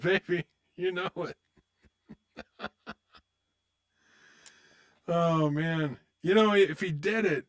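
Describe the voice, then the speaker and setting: A man streaming online poker, muttering about his hands and chatting with viewers in a loose, joking way. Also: on the high side. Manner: muttering to himself, swearing, then chatting upbeat with viewers. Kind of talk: casual live-stream commentary.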